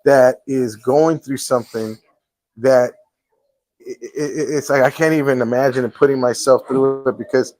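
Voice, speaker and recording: A man's voice: medium pitch, steady tone, normal speed, a little mellow, no echo, poor audio. Male host, earnest storyteller with a middle voice, dry close sound. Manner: earnest storytelling with many restarts. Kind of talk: casual chat. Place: taco restaurant, live show.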